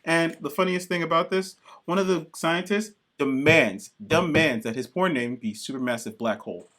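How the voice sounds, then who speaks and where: A man co-hosting a podcast, reviewing comics in excited, profane casual chat and acting out characters in quick bits. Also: a little high. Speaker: podcast co-host.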